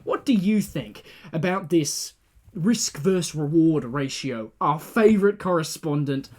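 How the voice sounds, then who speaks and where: An Australian man hosting a satirical news parody in a sardonic, swearing, animated delivery. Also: fairly high pitch, measured pace.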